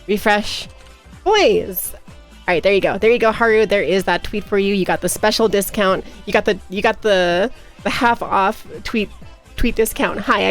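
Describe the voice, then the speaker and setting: A woman chatting casually on a livestream, giggly and playful. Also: mid-range voice. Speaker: streamer.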